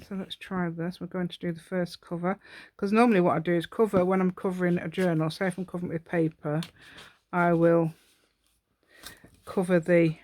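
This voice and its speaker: Woman host, low-ish voice, rambling and giggly self-talk while demonstrating a craft; dry sound. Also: a little mellow, dry recording. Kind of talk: chatty step-by-step craft tutorial.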